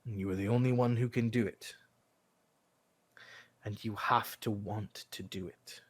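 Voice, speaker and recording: A man voicing a cold, stern older father who speaks in a hushed, grave, measured way. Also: on the low side.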